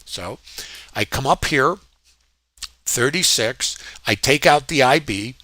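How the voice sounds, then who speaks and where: Man as trading educator, bright voice, dry close mic, thinking aloud with restarts. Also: medium pitch, animated, slow, dry recording. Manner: reflective, stresses points, many fillers and restarts. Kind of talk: screen-share trading walkthrough.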